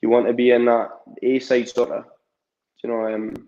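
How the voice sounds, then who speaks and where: Young Scottish male guest, casual, rambling, mid-pitched, muffled audio. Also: little pitch movement, normal speed, mellow. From Scotland. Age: young adult. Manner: rambling, many fillers and restarts. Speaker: amateur boxer, guest. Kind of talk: casual interview chat.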